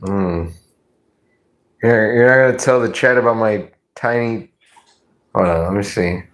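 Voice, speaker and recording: Speaking a bit slowly in a lowish voice, this livestream host shoots the breeze with his stream viewers. His talk wanders and stammers, and he curses without holding back.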